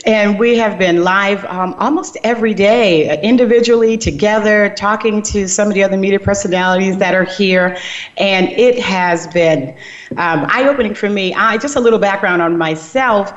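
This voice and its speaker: A woman's voice: mid-range voice, moderate pace, lo-fi sound. Chatty middle-aged woman host. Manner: lively, chatty storyteller who acts out dialogue. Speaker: podcast host. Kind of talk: casual chat.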